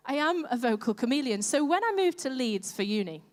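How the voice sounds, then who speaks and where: A woman's voice: high-pitched, sing-song, a little fast. A woman pastor giving a sermon, chatty and self-deprecating, asking her congregation questions. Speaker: pastor on church lead team. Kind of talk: sermon with audience interaction. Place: large church hall. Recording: echoey church hall reverb.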